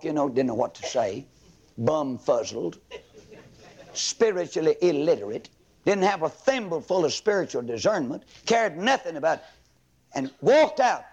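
A male evangelist preaching a revival sermon in a fiery, emphatic storytelling way. His voice sits high for a man. It swings widely between loud peaks and low drops. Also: dull audio.

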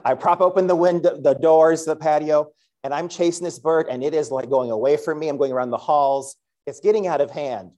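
A man in his thirties, a school principal, giving a devotional message through an animated, self-deprecating story. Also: on the high side, brisk. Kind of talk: storytelling sermon.

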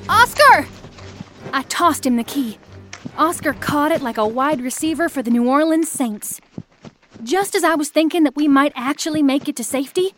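A woman narrating a first-person audio story, expressive, acting out the shouted lines. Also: sits high.

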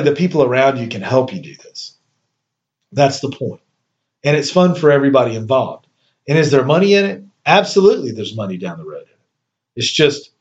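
A man hosting a podcast, talking in an easy, rambling way with bursts of enthusiasm and quick laughs. His voice sits at an ordinary middle pitch, and the recording sounds a little dull and lo-fi. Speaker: podcast host. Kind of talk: casual podcast chat.

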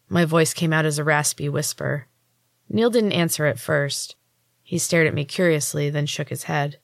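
A woman narrating a story in the first person, in an even, measured reading as a podcast host. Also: sits low, vocal fry, no echo, studio quality.

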